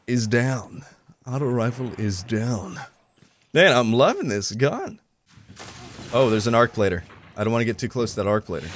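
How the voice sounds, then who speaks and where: A young man giving excitable, joking commentary over his own gameplay, making gun sound effects and yelling when surprised. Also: mid-range voice, normal speed, pauses often, slight background noise. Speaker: gaming YouTuber.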